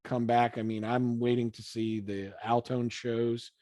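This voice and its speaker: Talking at an unhurried pace in a medium-pitched voice with no room sound, a male podcast host interviews a band casually. His storytelling is animated, full of laughter, free swearing, and scenes performed in quoted voices.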